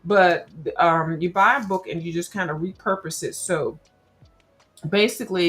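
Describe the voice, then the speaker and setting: A woman chats loosely with her viewers while she works on a craft project. Her voice sits a little low, and her talk is rambling and full of slang as she addresses everyone as y'all. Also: a bit bright, a little hiss or hum. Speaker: crafting livestream host. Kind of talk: casual chat while crafting.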